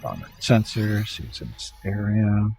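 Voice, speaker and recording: A man with a Canadian accent giving relaxed, rambling commentary while streaming a game live and talking to his chat. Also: fairly low pitch, moderate pace, background noise. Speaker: gaming streamer. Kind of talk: casual live gameplay commentary.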